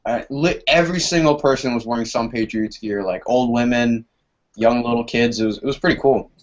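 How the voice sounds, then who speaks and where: A young man telling stories quickly as a guest on a casual podcast. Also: mid-range voice. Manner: fast-talking storyteller. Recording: dull lo-fi voice chat audio.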